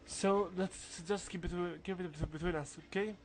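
A man's voice: high voice, fairly even intonation, moderate pace, slight background noise, natural voice. A man reading game dialogue aloud, voicing an anxious teenage schoolboy in a put-on accent and stumbling over the lines. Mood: frustrated, resolved.

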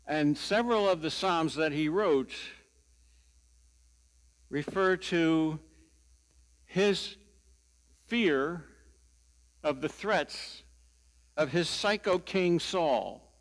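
Slow, wry older pastor preaching. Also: male voice, fairly high pitch. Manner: slow, deliberate storytelling with wry humor. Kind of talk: sermon.

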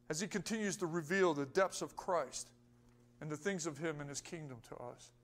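A male pastor with a notably high voice delivers a sermon. He swings between fervent, climbing bursts and quiet, low-pitched asides, pressing the congregation with rhetorical questions. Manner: emphatic preaching that rises and falls, with rhetorical questions to the congregation.

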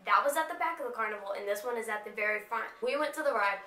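A woman's voice: a little high, racing, bright, forceful tone. A young woman from North Carolina, chatty, laughing often and filling her talk with "you know" as she tells a story to her camera. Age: young adult. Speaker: vlogger. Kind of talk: casual storytime vlog. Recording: echoey home room.

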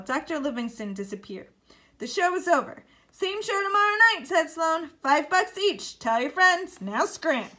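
High-voiced woman reading a children's mystery. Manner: expressive, lively read-aloud. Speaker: author and reader. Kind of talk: children's storybook narration.

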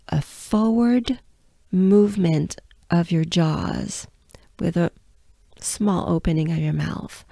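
A French-accented woman leads a pronunciation lesson, taking her time and repeating each sound. Her voice is low, gravelly and dry, as if recorded close in a small, dead room. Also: dark tone, no room sound. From France. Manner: patient, encouraging, drawn-out demonstrations. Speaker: pronunciation coach. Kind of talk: pronunciation lesson, slow and repetitive.

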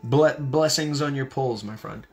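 A man's voice: medium pitch, unhurried, faint music behind. A young man, a voice actor, chatting casually with viewers on a livestream while signing autographs, laid-back and upbeat.

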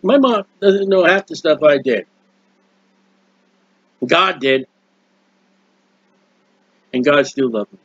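High-voiced man preaching excitedly at home. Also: slightly rough, dry recording. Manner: animated, rambling, exclamatory. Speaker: preacher of a hymn channel. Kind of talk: impassioned home sermon. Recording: dull lo-fi dry sound.

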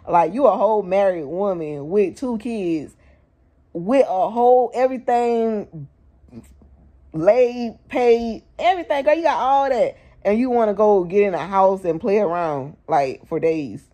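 Blunt slangy young woman ranting on her vlog, keeps asking what u thought, soft mellow tone. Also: medium pitch. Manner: blunt, slangy, fires rhetorical questions. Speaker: vlogger. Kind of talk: casual opinion commentary.

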